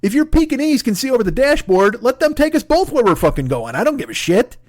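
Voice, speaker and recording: A man's voice: very high voice, fast, no room sound, studio quality. A man in his forties, a comedian and podcast host, telling stories in a profane, ranting casual monologue. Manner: profane, ranting, animated storytelling.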